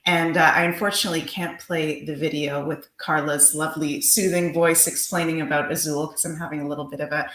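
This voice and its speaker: Low-voiced woman in an echoey room. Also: level tone, fairly quick, hardly any pauses, a bit bright, a little hiss or hum. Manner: upbeat, gushing promotional talk. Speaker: livestream co-host. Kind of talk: livestream chat.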